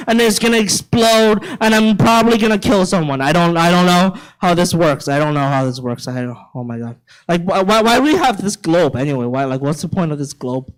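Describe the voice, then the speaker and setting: A young male comedian from China, performing stand-up live on a theater stage. He rants with plenty of profanity, tripping and repeating words as he goes. His speaking voice sits very high for a man. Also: rough recording. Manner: stammering, profane ranting.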